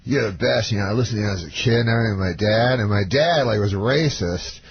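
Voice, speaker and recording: Halting deadpan man on talk radio. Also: fairly low pitch. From Canada. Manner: halting deadpan delivery with many fillers. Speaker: comedian guest. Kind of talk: storytelling on a talk radio show. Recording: dull radio broadcast with noise.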